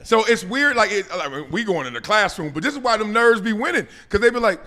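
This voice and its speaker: A man hosting a lively sports debate, talking in animated bursts and laughing often. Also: sits high, a little fast, hardly any pauses. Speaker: host.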